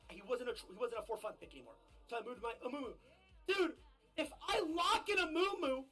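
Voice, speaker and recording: A man streaming a game, ranting brashly and with a lot of swearing, his voice husky and often breaking into shouts. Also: very high-pitched. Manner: brash, profane, swings into shouting rants. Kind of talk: ranting gaming stream talk.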